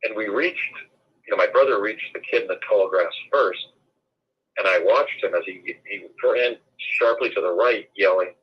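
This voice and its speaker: A man's voice: fairly low pitch, moderate pace, husky, lo-fi sound. A man in his sixties telling a long, rambling story as an interview guest.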